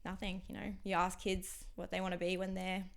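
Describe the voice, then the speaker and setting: A young Australian woman speaking as a podcast guest, talking frankly in halting phrases that sometimes drop to a near whisper. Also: medium pitch, monotone, vocal fry. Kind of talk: candid interview conversation.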